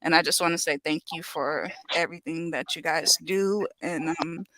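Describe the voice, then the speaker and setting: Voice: mid-range voice, fairly even intonation, moderate pace, pushed and bright, poor audio. A caller on a live stream giving an earnest, emotional testimony. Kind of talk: casual live stream chat.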